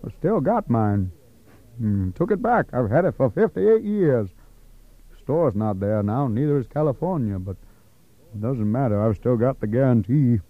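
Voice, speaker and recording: A man voicing a forgetful old wino who rambles, raising his voice high, on tinny lo-fi tape. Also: big pitch swings, moderate pace, no room sound. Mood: rambling. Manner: rambling, wandering and confused.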